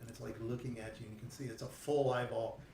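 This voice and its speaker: A man's voice: mid-range voice, flat delivery, quick pace, dark tone. A man narrating as dungeon master of a tabletop game, often stopping to search for words and restarting his sentences. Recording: echoey room with faint noise.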